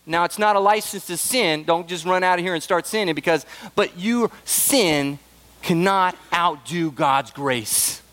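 High-voiced man preaching a sermon. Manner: earnest and emphatic, rising to excited bursts. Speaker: pastor.

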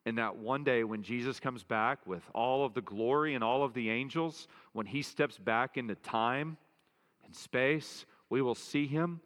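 A man delivers an earnest sermon as a pastor, leaning on emphatic repetition to drive his points home. His mid-pitched voice rings out with a long hall reverb trailing behind each phrase. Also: a little slow, a bit bright.

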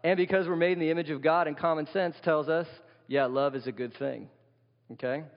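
A man with a slightly high voice preaches a sermon, talking with his congregation and asking them questions. His voice carries a long reverb from the church hall. The recording sounds somewhat dull and lo-fi. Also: steady tone, a little fast. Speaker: pastor. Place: church sanctuary.

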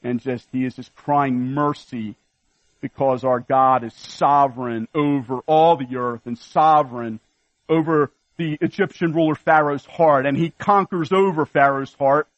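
A man's voice: mid-range voice, fairly even intonation, measured pace, dry recording, muffled recording. A man preaching a sermon, earnestly listing scripture references and exhorting his congregation. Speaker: pastor.

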